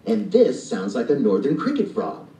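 An eager young boy who is crazy about frogs, as a man reading a storybook puts him on. The voice leaps around in lively swoops. It comes from a distance with a roomy echo. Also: mid-range voice, moderate pace, gravelly, pitched above the performer's own voice. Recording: distant and echoey playback.

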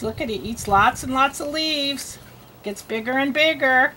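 A woman reading teacher gives a slow phonics lesson to young children, patiently sounding out letters and repeating each word. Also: sits high, pushed and bright, a little hiss or hum.

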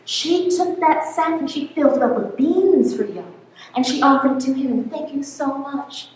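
A woman telling a folktale to a church congregation in a lively, sing-song way. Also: high-pitched, normal speed, slight background noise. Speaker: folktale storyteller. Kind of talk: oral storytelling to a congregation. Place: church sanctuary. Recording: echoey hall from far off.

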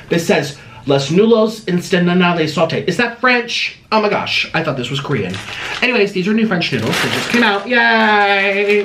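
In a home-kitchen cooking vlog, a male host chats dramatically, sassily and ramblingly about cooking and eating. His high voice swoops all over the place, and clear background noise runs beneath the recording.

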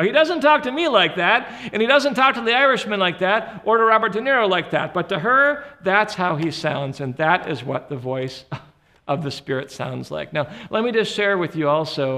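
A man with a high, bright voice giving a humorous Christian teaching. He tells stories animatedly, shifting in and out of comic voices, and his tone stays light and lively throughout. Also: creaky. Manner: animated storyteller, quick to slip into voices.

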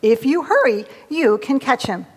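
A woman's voice: high voice, lively intonation, normal speed, husky. A woman voicing a wise old grandfather toad while reading a storybook to children in a church hall.

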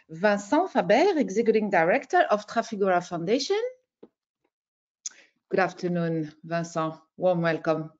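A woman's voice: lowish voice, a little mellow, muffled recording. A woman hosting an online webinar, giving opening remarks in a hesitant way, with many filler sounds. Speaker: webinar host. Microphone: video call.

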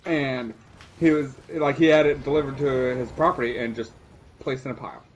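A man in casual chat, telling a story in a relaxed way and laughing along. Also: mid-range voice, fairly quick, muffled recording, a little hiss or hum.

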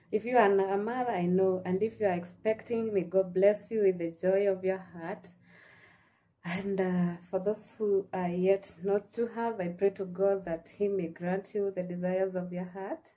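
A woman's voice: lowish voice, dark tone. A woman with a Kenyan accent chatting to her viewers in a casual, heartfelt vlog, dropping in Swahili phrases. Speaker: vlogger. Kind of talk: casual chat to camera.

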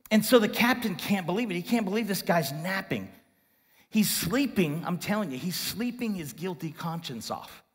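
Animated high-voiced male preacher in a hall. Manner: animated, conversational preaching with rhetorical questions. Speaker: guest preacher. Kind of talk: sermon. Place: church sanctuary.

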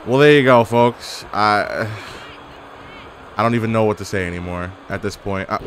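A man's voice: on the low side, normal speed, fairly bright tone, a little hiss or hum. A man giving casual gameplay commentary, exclaiming and throwing out playful trash talk. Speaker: gaming YouTuber.

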